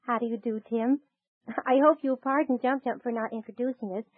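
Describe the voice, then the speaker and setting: A woman playing a kind, gentle young lady in 1940s radio acting, speaking in a motherly way. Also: fairly high pitch, fairly even intonation, normal speed, no echo, lightly acted. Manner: gentle, motherly, soft laughs. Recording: tinny, dry 1940s radio transcription.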